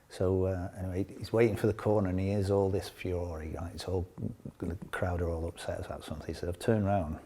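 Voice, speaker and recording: A man's voice: low-pitched, little pitch movement, brisk, warm tone, slightly rough. A man, a former footballer telling rambling anecdotes with frequent laughter in a casual interview.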